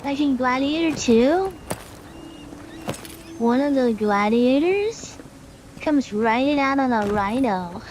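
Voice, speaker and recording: Slow, high-voiced sarcastic woman streamer. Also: lively intonation, darkish tone, a little hiss or hum. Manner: rambling and sarcastic, full of fillers. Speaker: game streamer. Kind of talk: casual chat while playing. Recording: game music playing behind her.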